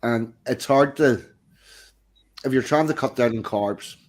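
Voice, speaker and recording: A man chatting casually on a stream, relaxed and hesitant with many pauses. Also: medium pitch. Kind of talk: casual chat.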